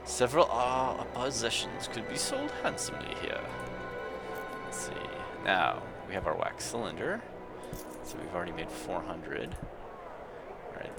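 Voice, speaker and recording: A man streaming a text game, casually reading the story and chatting about his choices. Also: deep voice. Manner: casual, reads story then chats.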